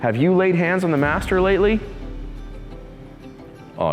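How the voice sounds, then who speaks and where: A man's voice: high-pitched, expressive, measured pace, in a large hall, faint music behind. A male pastor giving a conversational sermon, laughing easily and acting out the people in his story. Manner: conversational preacher, acts out voices, laughs easily.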